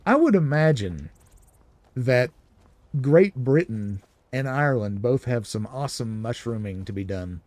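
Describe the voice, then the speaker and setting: A man's voice: medium pitch, lively intonation, a little slow, a little mellow, no echo. A man giving casual, rambling commentary while streaming a video game. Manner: chatty, rambling, explanatory. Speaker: gaming streamer.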